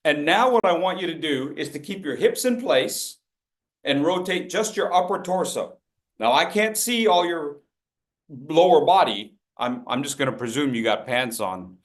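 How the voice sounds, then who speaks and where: With an animated, somewhat high voice at a moderate pace, a man guides an interactive public speaking session over video. He addresses people by name and mimes gestures in playful voices.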